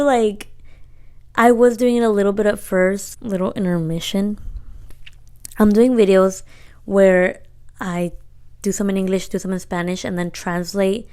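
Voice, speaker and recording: A woman's voice: mid-range voice, a little mellow, clear, resonant tone. A woman in her twenties telling a story in casual, slangy talk, re-enacting dialogue as she goes. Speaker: podcast co-host.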